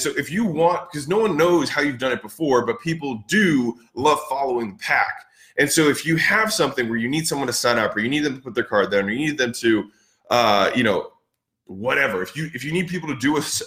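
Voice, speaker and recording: A man's voice: mid-range voice, a bit bright, echoey room. A man hosting a podcast, telling sales stories casually with many fillers and restarts and acting out both sides of past conversations. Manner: rambling, filler-heavy, acts out past dialogue. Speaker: podcast host. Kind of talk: casual business talk.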